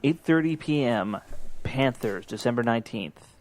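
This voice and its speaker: A man's voice: mid-range voice, lively intonation, normal speed, darkish tone, dry recording. A man hosting a casual sports podcast who moves the talk along, often stammering and restarting his sentences. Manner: leads the segments, stammering restarts. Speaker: podcast host.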